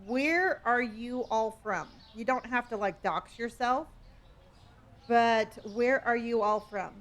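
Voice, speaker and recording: Woman streamer from Southern California, casual chatter, pitch slightly high. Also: slow. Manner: chatty, reads viewer locations aloud with sudden excited gasps; talks to herself while playing a store game. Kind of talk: casual live-stream chat.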